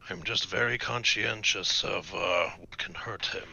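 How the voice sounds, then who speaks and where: A man voicing a grim, weary young warrior in a tabletop game, speaking in a halting, guarded way with a husky voice. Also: sits low, pushed and bright, heavily acted. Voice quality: gravelly, husky. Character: grim gravelly young male warrior, estranged son. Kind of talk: in-character tabletop role-play.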